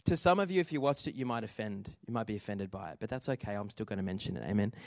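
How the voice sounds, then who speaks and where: A man preaching a lively sermon, telling stories and calling out to the congregation for responses. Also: fairly low pitch, racing, no echo, clean studio sound. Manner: animated storytelling with audience call-outs. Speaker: pastor.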